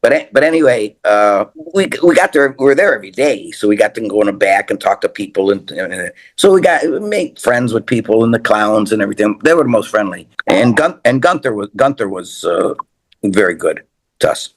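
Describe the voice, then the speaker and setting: An older man, a TV personality appearing as a guest, chats casually in a lowish, brisk voice with lively intonation. He rambles through anecdotes, restarting and repeating phrases.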